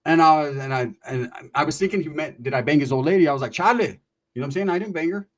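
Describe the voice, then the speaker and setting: A middle-aged man from California telling a casual comic story in an animated, profane and slangy way, with quick asides to the listener. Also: a little high. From Merced, California.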